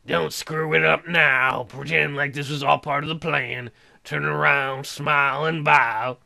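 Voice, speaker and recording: A man voicing a sultry British woman performance artist, reading game dialogue in a slow, gravelly, dreamy way. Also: on the high side, steady tone, sharp tone, heavily acted. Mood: hushed urgent. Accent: British, put on.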